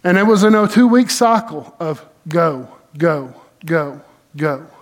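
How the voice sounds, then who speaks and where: Folksy pastor, slightly high voice. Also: male voice. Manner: folksy, animated storytelling with dramatic pauses. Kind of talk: sermon storytelling.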